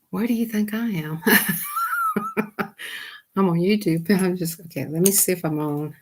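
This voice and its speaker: A woman, hosting a casual livestream from home at night on a desktop computer mic. She chats excitably with her viewers and laughs often. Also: lowish voice, takes it slowly, pauses often, a little hiss or hum. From Southern United States. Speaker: livestream host.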